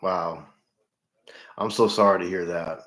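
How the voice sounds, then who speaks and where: A middle-aged man with a very low voice talks to his livestream viewers in an earnest, halting way, often trailing off and repeating himself. The room around him is echoey. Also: fairly even intonation, a bit bright. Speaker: livestream host in recovery. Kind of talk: casual livestream chat with viewers.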